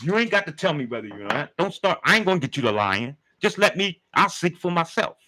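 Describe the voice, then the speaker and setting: A man's voice: on the high side, big pitch swings, fairly quick, bright, forceful tone, rough recording. A man giving a casual spiritual talk, using street slang and speaking straight to his listeners. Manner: street slang, conversational, addresses listeners directly. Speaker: spiritual teacher.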